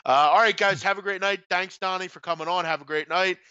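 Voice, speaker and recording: A man's voice: high voice, steady tone, quick pace, sharp tone, smooth, no room sound, muffled recording. A man hosting a sports betting show, talking in loose, jokey casual banter and swearing freely.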